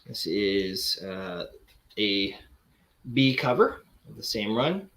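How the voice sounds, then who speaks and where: A man's voice: fairly low pitch, very animated, takes it slowly, a bit bright. Rambling man chatting about comics. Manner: rambling, many fillers and restarts. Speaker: comic collector host. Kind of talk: casual chat showing comics.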